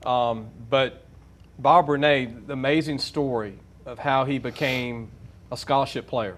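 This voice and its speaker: A man's voice: medium pitch, fairly even intonation, a little slow, fairly bright tone. A man hosting a sports talk show, chatting casually and steering guests with questions. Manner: chatty, leading questions, many restarts. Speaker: radio sports show host.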